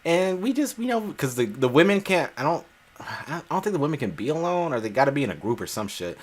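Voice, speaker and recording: A man who hosts a gaming channel telling a personal story in a casual, animated way, laughing often and swearing freely. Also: medium pitch, quick pace.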